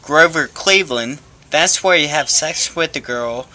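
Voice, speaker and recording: A man's voice: a little high, a little slow, pushed and bright, slight background noise. A man telling absurd jokes in a dry, matter-of-fact way, now and then stumbling over his words. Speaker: stand-up comic. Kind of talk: deadpan joke telling.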